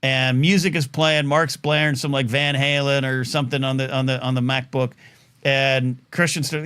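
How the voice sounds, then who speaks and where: Fairly quick and medium-pitched, a middle-aged man hosts a live talk show and launches into a long, rambling casual monologue. He stays animated, piles on fillers and restarts, and acts out the people in the story.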